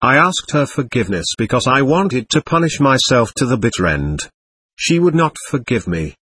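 A man's voice: medium pitch, big pitch swings, normal speed, fairly bright tone, slightly rough, no room sound. A man voicing a proud, anguished young woman in an audiobook reading, intense and wavering between love and bitterness. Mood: curt.

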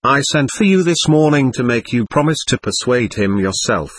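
A man's voice: mid-range voice, expressive, normal speed, dry recording, close to an everyday voice. A man reading the lines of a proud, distressed young woman in an audiobook, defiant and faltering.

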